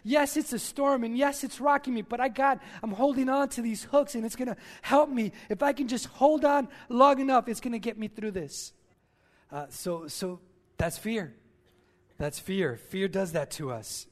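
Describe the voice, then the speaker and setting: A man's voice: very high-pitched, normal speed. A male pastor preaching a sermon, talking straight to his listeners and repeating key lines for emphasis.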